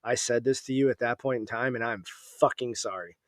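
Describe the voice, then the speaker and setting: A man from Minnesota, an Army veteran guest on a podcast, telling stories in a casual, profane and animated way. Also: medium pitch, a little fast, dry recording, studio quality.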